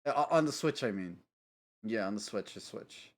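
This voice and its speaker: Chatting on a live stream, a man with a lowish, animated voice speaks at normal speed. He rambles and giggles, regularly cutting off his own sentences partway.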